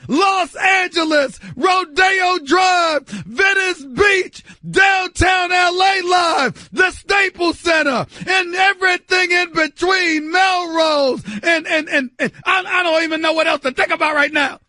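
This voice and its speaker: A middle-aged New York man hosts a sports talk show, his voice pitched high and bright as he hammers points home in emphatic, repeated bursts. The sound is dry and close, with no room around it. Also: slow, few pauses, no room sound. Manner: emphatic, repetitive, preacher-like bursts. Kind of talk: animated sports talk monologue.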